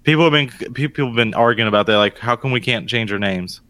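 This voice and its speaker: A man's voice: mid-range voice, quick pace, bright, forceful tone, dry recording. A man co-hosting a podcast in casual chat, profane and blustery, talking into a handheld mic. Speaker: podcast co-host.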